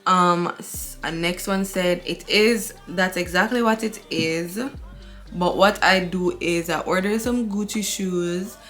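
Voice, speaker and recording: A woman's voice: lowish voice, fairly even intonation, slow, a bit bright, soft background music. A young woman vlogger chatting candidly and rambling while she gets ready at home, talking into her camera. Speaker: beauty vlogger. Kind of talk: casual chat while getting ready.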